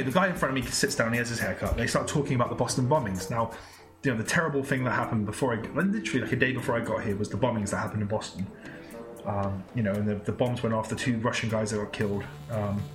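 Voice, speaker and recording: A man from England with a British accent tells a long, rambling story, tripping over his words and laughing as he goes. The recording sounds roomy, and music plays clearly in the background. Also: medium pitch. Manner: rambling storyteller, laughs often, many restarts. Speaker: podcast co-host. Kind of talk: casual podcast chat.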